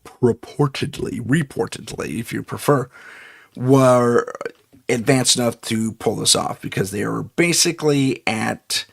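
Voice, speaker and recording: A man with a gravelly, husky voice hosts a live talk show. He rambles loosely, stops to correct his own words and chuckles as he goes. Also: medium pitch, measured pace. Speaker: podcast host.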